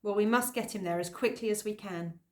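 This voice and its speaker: A woman doing a firm, husky-voiced male doctor. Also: mid-range voice, a little fast, darkish tone, close to an everyday voice. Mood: urgent. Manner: slightly husky accent, firm.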